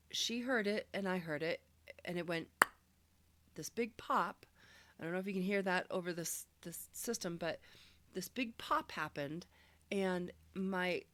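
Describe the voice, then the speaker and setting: A woman sharing a personal healing testimony, speaking in an earnest, searching, soft-spoken way. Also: fairly low pitch, no room sound.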